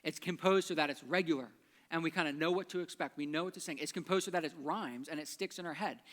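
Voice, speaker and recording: A man's voice: on the high side, fast, a bit bright. A man, a church pastor, giving a chatty teaching talk on a hymn's words and rhythm, tapping out beats aloud.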